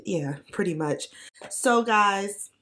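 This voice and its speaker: A young woman with a hoarse, raspy voice from losing it, hosting a casual solo podcast in a playful, animated way. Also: mid-range voice, takes it slowly. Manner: playful, animated, breaks into mock quotes. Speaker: podcast host.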